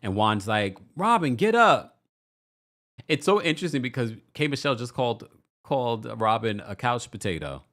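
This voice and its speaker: A man's voice: mid-range voice, fairly quick. A man hosting a casual reality TV recap, commenting and acting out the cast's lines in mocking voices. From United States. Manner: animated, acts out quotes in mocking voices.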